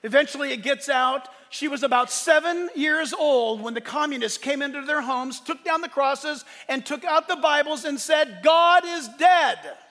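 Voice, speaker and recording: A middle-aged man preaching a sermon as a pastor, moving between loud, fervent exclamations and hushed storytelling. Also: very high-pitched, moderate pace, hardly any pauses. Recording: long hall reverb.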